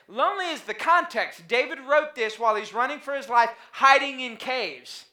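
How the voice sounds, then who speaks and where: A man's voice: very high-pitched, fairly quick, hardly any pauses, pushed and bright, roomy sound. A man, a father of young kids, preaching a conversational sermon as a pastor, mixing family stories with scripture. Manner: conversational, anecdotal preaching with dad jokes.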